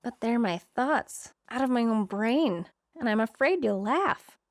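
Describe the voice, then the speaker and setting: A woman's voice: fairly high pitch, lively intonation, measured pace, dry recording, studio quality, pitched above the performer's own voice. A woman voicing a jittery young woman. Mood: nervous. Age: 20s. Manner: jittery, dramatic. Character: nervous young woman, anxious and self-mocking.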